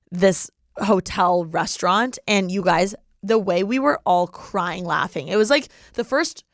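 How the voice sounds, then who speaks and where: A woman's voice: lowish voice, dry recording, clean studio sound. A young woman in her twenties hosting a podcast, chatting casually in a bubbly, giggly way with lots of filler words. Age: 20s. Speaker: podcast host. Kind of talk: casual chat. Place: living in LA.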